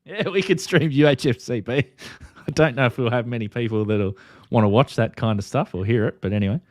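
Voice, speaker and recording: An Australian man, a guest who makes ham radio videos, chatting casually in a rambling, halting way. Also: mid-range voice, a little mellow, no echo, studio quality. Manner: rambling, halting with fillers and restarts. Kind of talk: casual chat.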